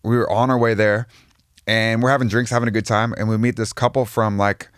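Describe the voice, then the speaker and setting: An easygoing male podcast host chats and tells a story of his own. His voice sits low. The recording is dry and close to the mic. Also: little pitch movement, a little fast, smooth, no room sound. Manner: easygoing, chatty, reactive. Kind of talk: casual podcast conversation.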